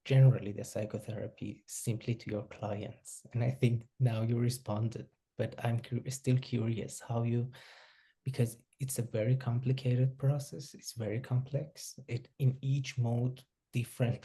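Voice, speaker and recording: Hesitant male interviewer, husky and dark. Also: medium pitch, level tone, unhurried. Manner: hesitant, searching for words. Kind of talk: interview questions over video call. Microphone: video call.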